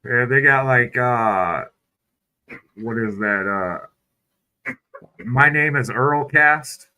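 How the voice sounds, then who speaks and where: A laid-back man co-hosting a podcast, with a bright, forceful voice at a middle pitch. He asks easygoing questions and rambles through his answers, swearing casually. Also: extremely slow. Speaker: podcast co-host. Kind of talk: casual chat.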